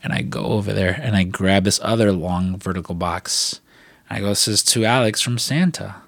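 A man's voice: lowish voice, normal speed, vocal fry, dry recording. A man telling long stories in casual chat, rambling with many fillers and frequent swearing.

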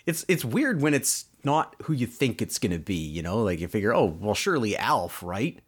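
A man's voice: on the low side, very animated, normal speed, slightly rough. A man co-hosting a podcast in casual chat, recapping an old cartoon with bemused, sardonic remarks. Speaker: podcast co-host.

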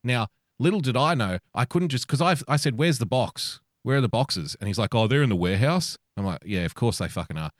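A man's voice: mid-range voice, fairly quick, no room sound. Australian guy co-hosting a stream, spinning a yarn, swears a lot, dead dry sound. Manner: animated storyteller, swears freely. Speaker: podcast co-host. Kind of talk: casual chat on a live stream.

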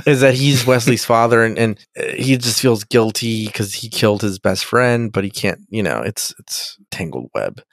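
A man talking loosely in a casual chat, his pitch swinging up and down as he swears and throws in "dude". The recording is dry and close, with no room sound. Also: lively intonation, normal speed, vocal fry, few pauses, no echo. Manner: loose, profane, says "dude" a lot.

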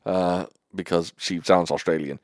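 A man's voice: low-pitched, fairly even intonation, a little slow, no room sound, clean studio sound. A young man co-hosting a casual film review podcast, rambling and swearing with frequent laughs. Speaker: podcast co-host.

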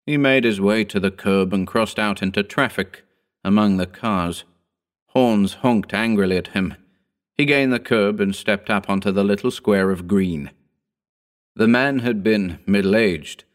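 Low-voiced man narrating a horror story. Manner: measured, slowing for grim detail. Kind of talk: dramatic audiobook narration.

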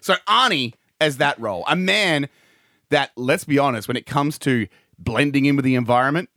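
A man co-hosting a comedy podcast, jokey and quick to laugh, often slipping into silly voices. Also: medium pitch, bright, forceful tone, no echo, clean studio sound. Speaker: podcast co-host. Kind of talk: casual comedic podcast chat.

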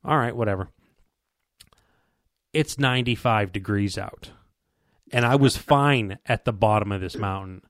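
Rambling low-voiced man telling a story. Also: a little slow, pauses often, no room sound, studio quality. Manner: rambling, repeats words, quotes people in dialogue. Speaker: podcast co-host telling a hunting story. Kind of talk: casual storytelling chat.

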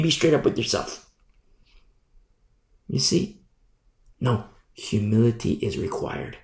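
A man preaching a sermon as pastor, swinging from hushed near-whispers to loud emphatic lines. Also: mid-range voice, big pitch swings, measured pace, vocal fry, pauses often, roomy sound. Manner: preaching with sudden drops to a hush and rises to loud emphasis.

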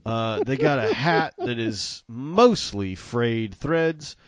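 Man, casual chat, relaxed, opinionated, dry sound. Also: medium pitch, slow pace, no room sound.

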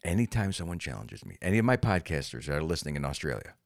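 A man co-hosting a casual comedy podcast, animated and profane, bursting into loud mock-defiant outbursts. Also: a bass voice, rapid-fire, vocal fry. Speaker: podcast co-host.

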